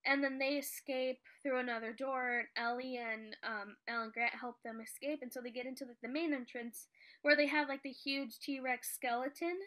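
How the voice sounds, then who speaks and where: A woman's voice: high voice, steady tone, normal speed, bright, forceful tone. A woman chatting casually about a movie, recapping scenes with lots of filler words.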